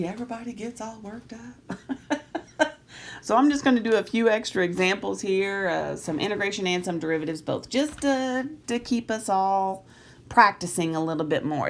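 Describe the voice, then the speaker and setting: A woman's voice: medium pitch, normal speed. A middle-aged woman teaches math in a recorded lecture, working problems aloud in a chatty, joking way. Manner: chatty and jokey, talks to students as she writes.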